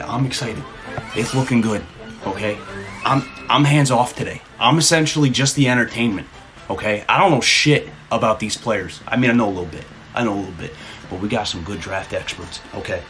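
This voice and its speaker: Male streamer, hype energy, lively swooping delivery, bright forceful voice, music faint behind. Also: medium pitch. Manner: hyped, shouty greetings, swears casually. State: out of breath. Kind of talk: live stream chat, thanking viewers.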